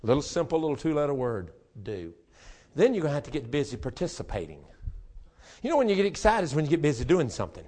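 A man preaching a sermon as pastor, moving between quiet, conversational talk and fervent, shouted rhythmic passages. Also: a little high, sing-song, fast talker. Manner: repetitive, rhythmic preaching cadence.

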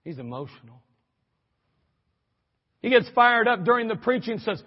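A male preacher with a high, husky voice delivers an animated sermon, breaking into sudden exclamations as he acts out quoted reactions. His voice rings with long reverb through a church hall, and the recording sounds dull and muffled. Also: moderate pace, long pauses.

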